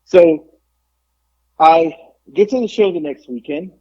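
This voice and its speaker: A man's voice: a little high, takes it slowly. A man on a podcast telling a wrestling story in casual, profane chat, acting out what others said. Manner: animated, profane, acts out quotes. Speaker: podcast guest, pro wrestler. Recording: dull lo-fi audio.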